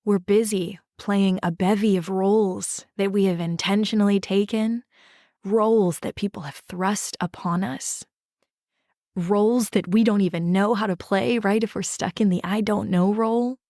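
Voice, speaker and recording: A woman hosting a podcast, telling a personal story in an earnest, gentle way and guiding listeners through breathing and reflection. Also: mid-range voice, steady tone, normal speed, dry recording, clean studio sound. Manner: gentle, earnest, with guided breathing prompts and frequent "right?". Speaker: podcast host and drama therapist.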